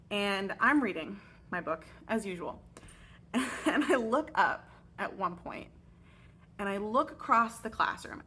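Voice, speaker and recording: A young adult woman, a teacher, telling a chatty, expressive storytime vlog with lots of fillers. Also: medium pitch, breathy edge.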